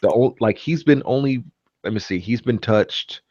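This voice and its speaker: A man's voice: mid-range voice, moderate pace, darkish tone, dull audio. A man hosting a casual live stream chat, rambling with many fillers and restarts. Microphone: computer mic on a live stream.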